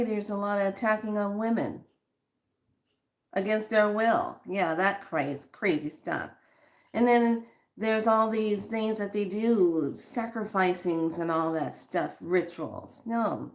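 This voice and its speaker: A woman's voice: on the low side, gravelly. A middle-aged woman hosting a spiritual channel, chatting casually and animatedly, laughing often and repeating questions in a rhythm. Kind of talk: casual spiritual vlog talk.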